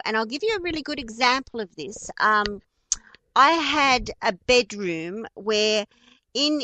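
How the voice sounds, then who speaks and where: A woman's voice: on the high side, bright, forceful tone, no room sound. A woman with an Australian accent giving an informal spoken lesson, explaining patiently with frequent ums and restarts. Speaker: feng shui teacher.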